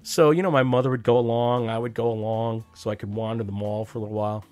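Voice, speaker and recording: A man's voice: medium pitch, fairly even intonation, quick pace, darkish tone, no echo, soft background music. Wry New man telling stories. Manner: wry, profane, acts out quoted voices. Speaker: storyteller. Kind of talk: personal storytelling monologue.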